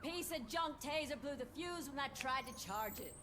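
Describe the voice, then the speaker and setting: An actress playing a no-nonsense female police officer with a Southern US accent who talks in a brisk, complaining way. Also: sits high, lively intonation, very noisy.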